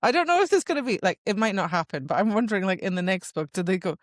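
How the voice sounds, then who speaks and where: A woman's voice: mid-range voice, big pitch swings, very fast, hardly any pauses, dry recording, clean studio sound. A woman co-hosting a book podcast, recapping the plot in casual chat and laughing often. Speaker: podcast co-host.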